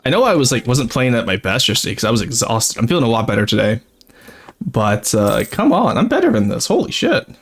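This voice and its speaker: Young male streamer, rambling casual game chatter, animated delivery. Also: medium pitch, fairly quick. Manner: chatty, rambling, laughs often, talks to chat. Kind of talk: casual gameplay commentary.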